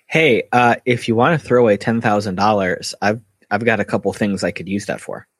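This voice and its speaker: A man's voice: on the low side, fairly quick, slightly rough, dry recording, clean studio sound. A man co-hosting a podcast, making jokes in a mock-grumpy way. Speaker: podcast co-host. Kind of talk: casual podcast interview.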